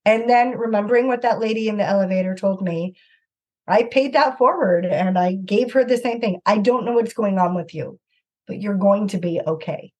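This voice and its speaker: A woman's voice: medium pitch, normal speed. A middle-aged woman, an author and podcast guest, telling personal stories earnestly and acting out the things people said. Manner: earnest, animated anecdote-telling with acted-out quotes. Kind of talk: conversational storytelling.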